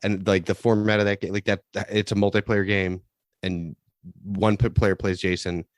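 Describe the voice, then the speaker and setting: A man's voice: on the low side, little pitch movement, no room sound, clean studio sound. A man co-hosting a podcast in casual chat, rambling with many restarts and swearing freely. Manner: rambling, halting restarts, profane. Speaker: podcast co-host.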